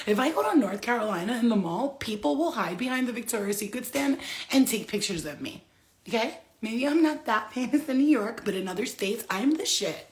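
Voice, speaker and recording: A woman's voice: fairly high pitch, fairly quick. A woman talking casually in a vlog about spiritual life, laughing often, swearing freely and acting out other people's words. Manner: animated, mimics others in put-on voices. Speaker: spiritual vlogger. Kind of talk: casual monologue.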